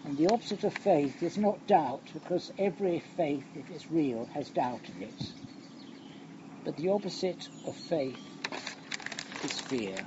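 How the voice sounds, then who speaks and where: A man, older, preaching a sermon in a slow, reflective way, letting phrases fall quiet and hushed. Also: on the high side, expressive. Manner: slow, reflective, with long pauses and hushed endings. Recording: dull lo-fi recording with faint outdoor noise.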